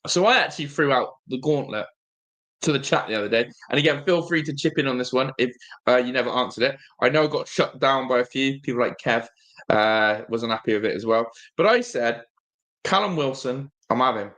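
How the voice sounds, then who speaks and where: A man's voice: mid-range voice, fairly quick. A man hosting a live fan stream, chatting casually and reading out the chat. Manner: rambling, animated, reads chat aloud. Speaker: fan channel host.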